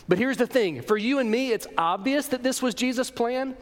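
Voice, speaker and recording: A man preaching a sermon as a pastor, telling the story in a lively way and acting out the voices. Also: very high-pitched, normal speed, in a large hall.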